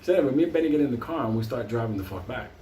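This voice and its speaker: A man's voice: mid-range voice, expressive, rapid-fire, warm tone, slight background noise. A man telling a long comic story from his life, rambling and swearing constantly. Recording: roomy, distant mic.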